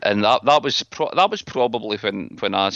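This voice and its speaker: A man's voice: lowish voice, animated, moderate pace, vocal fry, a bit bright, dry recording. A middle-aged Scottish man hosting a casual podcast chat, talking bluntly and with scorn. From Scotland. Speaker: podcast host. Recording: dull lo-fi dry sound.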